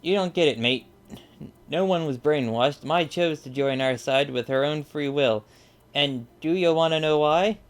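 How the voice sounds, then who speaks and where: A man's voice: a little high, measured pace, natural voice. A man reading out the lines of a cocky young male biker duelist, without any real accent. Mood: taunting. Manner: reading game dialogue aloud, slightly raised.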